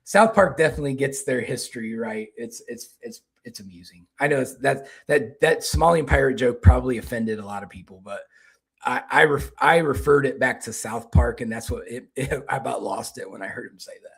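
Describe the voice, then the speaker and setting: A man's voice: mid-range voice, a little fast, vocal fry, breathy edge. A man with a Kentucky accent hosting casual political commentary, rambling and restarting his words as he talks.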